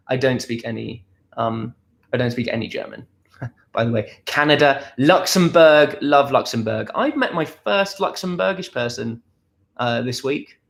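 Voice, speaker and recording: Young male streamer, playful and self-mocking, mid-pitched, reading chat from home. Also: animated, unhurried, vocal fry. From Essex, England. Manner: chatty, playful and self-deprecating. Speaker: livestream host. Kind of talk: casual livestream chat reading viewer comments. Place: at home, indoors.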